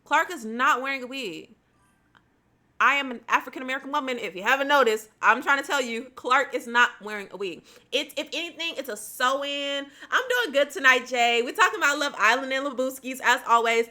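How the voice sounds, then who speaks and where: A woman's voice: high voice, fairly quick, sharp tone. A young woman, chatting casually on a home livestream, laughing often and addressing viewers by name.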